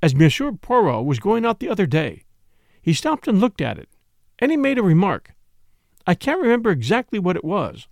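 A man's voice: high-pitched, huge pitch swings, normal speed, creaky, no room sound, clean studio sound, voice pushed up, full character voice. A man voicing a bossy know-it-all gossip woman. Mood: eager. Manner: insistent, lecturing.

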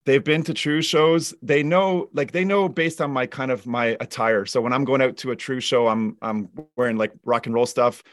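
A man's voice: medium pitch, normal speed, hardly any pauses, dry recording. A man, a guest drummer, talking casually and rambling with lots of fillers and restarts. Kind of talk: casual chat.

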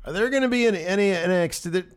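A man co-hosting a podcast, recapping wrestling in casual chat, animated and prone to laughing and trailing off mid-sentence. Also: sits high, fast talker, clear, resonant tone.

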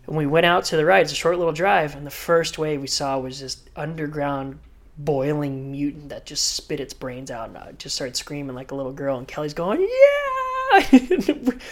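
A man telling a story in casual chat, animated, acting out quotes and laughing. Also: on the high side. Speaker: guest surfer.

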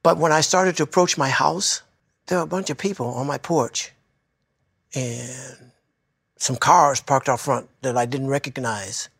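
Gravelly older man telling his life story. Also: medium pitch, fairly even intonation, a little slow, dry recording, studio quality. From Detroit. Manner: reflective, heartfelt, soft at times. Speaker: interviewee. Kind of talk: personal storytelling.

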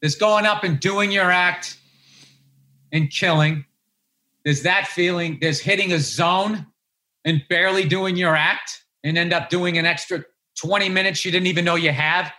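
A middle-aged comedian on a podcast, with a high voice for a man. His tone is very bright and cutting. He rants and spins stories with a lot of heat. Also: fairly even intonation, unhurried. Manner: ranting, worked-up storyteller. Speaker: guest comedian. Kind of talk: casual podcast chat.

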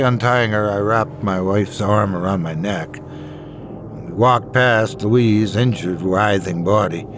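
Man narrating a dark horror tale. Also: fairly low pitch, background noise. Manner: measured, dramatic storytelling. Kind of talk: scripted first-person horror narration.

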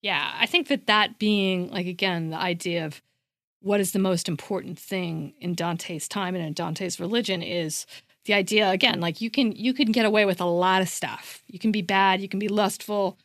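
A woman co-hosts a podcast in casual discussion, speaking emphatically, repeating herself for stress and often saying "like." Her mid-range, fairly bright voice has fairly even intonation and normal speed, recorded studio-clean with no room sound.

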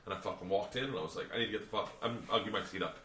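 A man's voice: on the low side, rapid-fire, pushed and bright. A man hosting a casual chat among comedians, telling a profane, rambling story. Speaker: podcast host. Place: hotel room. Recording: echoey room.

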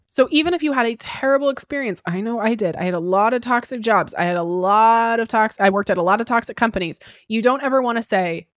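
A chatty woman hosts an advice podcast. She talks quickly, often uses "like" and "kinda", and keeps asking "right?". The sound is dry and close, with no room echo. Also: mid-range voice, fairly bright tone. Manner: quick, chatty delivery with frequent "right?" tag questions; fillers like "like" and "kinda". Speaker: podcast host giving job-interview advice.

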